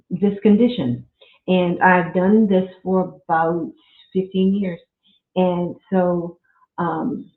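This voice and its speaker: Middle-aged woman, podcast host, slow heartfelt faith talk, tinny echoey home recording. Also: lowish voice. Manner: slow, heartfelt, with religious exclamations. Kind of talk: casual faith-based personal talk. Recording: echoey room, phone-like audio.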